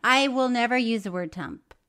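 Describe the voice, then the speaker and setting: A woman's voice: a little high, expressive, normal speed, fairly bright tone, clear, resonant tone. Playful woman co-hosting a chatty podcast. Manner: playful, reads letters aloud. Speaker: podcast co-host. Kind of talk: casual chat, reading listener mail.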